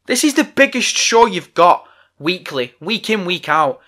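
A man's voice: high voice, big pitch swings, unhurried, pushed and bright. A man hosting a podcast, delivering a heated, profane, exasperated rant. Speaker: podcast host. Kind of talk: ranting podcast monologue.

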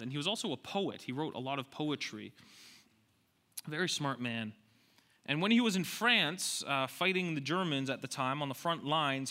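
Emphatic, bright-voiced male preacher. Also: a little high. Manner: emphatic, repeats key lines, asks the crowd rhetorical questions. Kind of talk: sermon.

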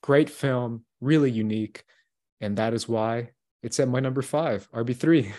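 A man's voice: mid-range voice, normal speed, mellow. A young man co-hosting a casual movie podcast, enthusiastic and laughing easily as he counts down his list. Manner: enthusiastic, ranking films with a laugh. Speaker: podcast co-host.

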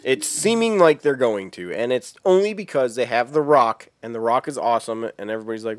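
A man's voice: medium pitch, animated, fairly quick. Laid-back teasing man. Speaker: podcast co-host. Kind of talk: casual chat.

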